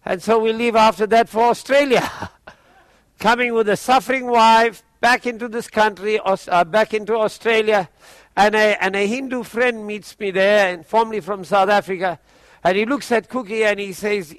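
A man with a notably high voice for a man tells a personal testimony, chuckling often even through grave moments and slipping into the voices of the people he quotes. The sound is close and dry, with no room ring around it. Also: normal speed, no room sound. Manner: chuckles often while telling a grave story; acts out quoted people in his own voice.

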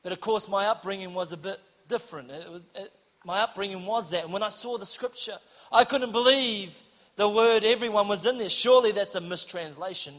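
A man preaching a sermon, telling a story and acting out the dialogue, shouting at the high points. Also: fairly quick, big-room sound. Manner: animated, acts out dialogue, shouts for emphasis.

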